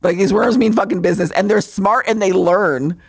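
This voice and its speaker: Low-voiced, foul-mouthed woman podcaster. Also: a little fast, husky. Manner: swears freely, animated recapping. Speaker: podcast co-host. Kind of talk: casual movie recap chat.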